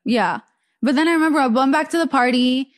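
Chatty young woman, higher voice. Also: fairly quick. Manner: chatty storytelling, many "like" fillers. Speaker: podcast host. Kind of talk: casual chat.

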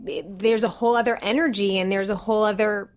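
Woman in her thirties, podcast guest, earnest, reflective, halting pauses, mid-pitched. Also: fairly even intonation. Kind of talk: casual chat.

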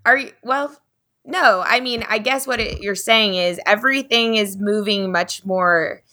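A woman's voice: mid-range voice, measured pace, pushed and bright. A woman hosting a podcast in casual chat, chatty and hesitant with frequent laughs. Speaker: podcast host.

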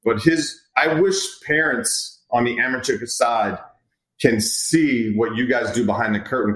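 A middle-aged man, a hitting coach, talking casually and rambling a bit as he tells stories about players. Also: lowish voice. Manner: relaxed, rambling, acts out quoted players. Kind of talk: casual interview chat. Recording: echoey room.

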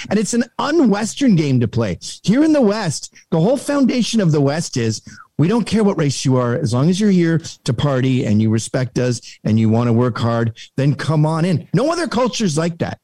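A man's voice: fairly high pitch, big pitch swings, fairly quick, warm tone, no room sound. A man in casual chat, animatedly telling a story and acting out both sides of an argument.

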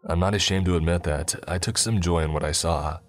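Brief: male storyteller, very deep voice, measured delivery, soft music behind. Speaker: narrator. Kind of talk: scripted story narration.

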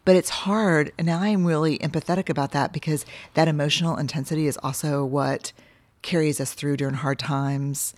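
A woman's voice: low voice, fairly quick, no room sound. A woman guest in casual conversation, telling stories with energy, acting out other people's lines and swearing casually. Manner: animated storyteller, acts out quoted voices, casual swearing.

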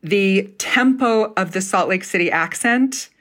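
A middle-aged woman from Utah, a dialect coach and theatre professor, explaining speech patterns in an animated, casual interview chat. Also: medium pitch, a little slow. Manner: animated, acts out accents while explaining.

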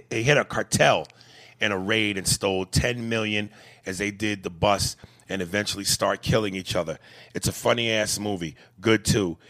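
A man hosting a podcast, reading listener emails aloud in casual chat, profane and quick to laugh. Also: lowish voice. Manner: profane, laughing, animated reader.

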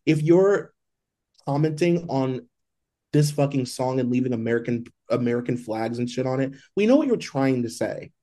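A man co-hosting a podcast in casual chat, talking in an exasperated, animated way and swearing freely. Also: medium pitch, normal speed. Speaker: podcast co-host.

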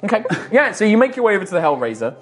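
A woman's voice: mid-range voice, big pitch swings, rapid-fire. Chatty woman game master. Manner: chatty, rambling descriptions with fillers. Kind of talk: narrating a tabletop game.

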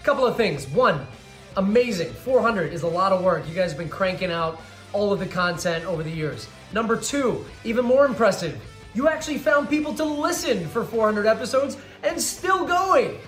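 A man's voice: high voice, expressive, moderate pace, fairly bright tone. A man records a playful congratulations message and ticks his points off like a list. His voice echoes in a roomy space. Faint music plays behind him. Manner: playful, list-style delivery. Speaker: well-wisher in a video message. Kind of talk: recorded video greeting.

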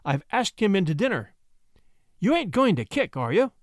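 Storybook shop girl, 30s woman, blunt and slangy, voiced by a man, lifted pitch, dry close read. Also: big pitch swings, moderate pace, dry recording. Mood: bossy. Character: sharp-tongued 30-year-old woman shop girl.

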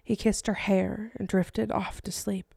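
A woman, an author, narrating her own novel as an audiobook in a steady, measured way. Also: mid-range voice, gravelly, no echo, clean studio sound. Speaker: author and podcast host.

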